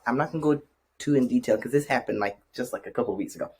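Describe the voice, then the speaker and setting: A man who works as a teacher, co-hosting a podcast and telling stories from class in casual chat, animated and often trailing off quietly. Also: mid-range voice, rapid-fire, slightly rough.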